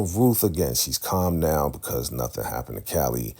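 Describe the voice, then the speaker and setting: Very deep, gravelly man recapping. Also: moderate pace. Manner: animated storytelling, acts out characters. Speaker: show recap host. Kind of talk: casual recap narration.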